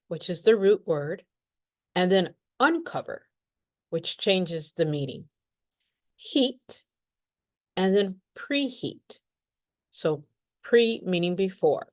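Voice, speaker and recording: Slow, careful woman teaching pronunciation. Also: fairly low pitch, darkish tone. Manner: slow, careful, repeats words for learners. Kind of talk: pronunciation lesson.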